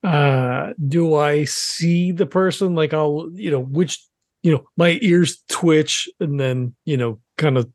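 Rambling higher-voiced man playing a tabletop game. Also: takes it slowly, darkish tone, no room sound, studio quality. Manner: rambling, full of "like" and "you know". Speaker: player. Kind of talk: casual tabletop role-play talk.

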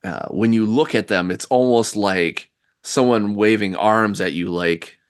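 A man narrating a tabletop role-playing scene as game master, describing it slowly with restarts. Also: fairly low pitch, no echo, clean studio sound.

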